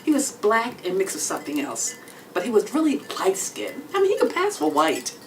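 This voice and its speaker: Animated woman telling a comedy story on stage. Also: mid-range voice, normal speed, a little hiss or hum. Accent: Texan. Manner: animated storytelling with swings between whispers and loud exclamations. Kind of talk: storytelling stand-up solo show. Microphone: stage microphone. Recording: distant mic with faint club ambience.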